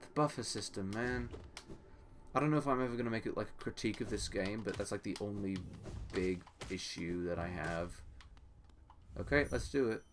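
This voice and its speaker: A young man with a fairly low voice streams a game, rambling to himself and to his chat as he plays. Faint keyboard clicks sit behind his voice. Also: normal speed, slight background noise. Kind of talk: live gameplay commentary.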